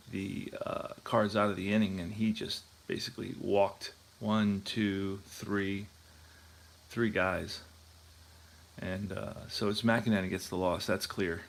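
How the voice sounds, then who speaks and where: A man's voice: lowish voice, creaky. A man hosting a tabletop baseball replay, chatting casually and thinking aloud as he checks scorebooks. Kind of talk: casual talk while playing.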